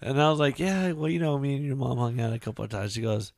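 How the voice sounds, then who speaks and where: A man co-hosting a podcast, telling a rambling story full of "you know" and "right?", and putting on high voices for the people he quotes. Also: animated, fast talker, gravelly, dry recording, clean studio sound. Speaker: podcast co-host. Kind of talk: casual storytelling chat.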